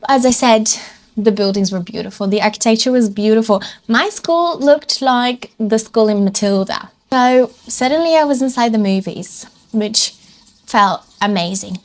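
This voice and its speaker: A young woman from Brazil with a mixed Brazilian and British accent, telling her story in an animated, dramatic and playful vlog, with faint music behind. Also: fairly high pitch, normal speed. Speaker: vlogger.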